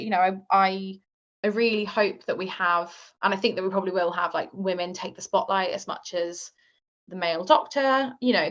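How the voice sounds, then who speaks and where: A woman's voice: mid-range voice, a bit bright. A woman talking as a guest on a podcast, chatty and casual, often filling with "like" and "um". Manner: chatty, leans on fillers like "like" and "um". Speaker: guest author. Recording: slightly muffled lo-fi recording.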